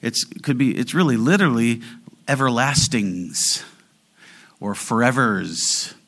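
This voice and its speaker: A man preaching a sermon in an earnest way, slowing down and rising in volume to stress key phrases. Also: mid-range voice, lively intonation, fairly bright tone. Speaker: pastor.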